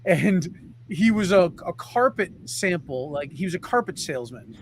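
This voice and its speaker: High-voiced enthusiastic male co-host. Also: lively intonation, moderate pace, a little hiss or hum. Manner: enthusiastic anecdotes with bits of voices. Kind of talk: casual interview chat.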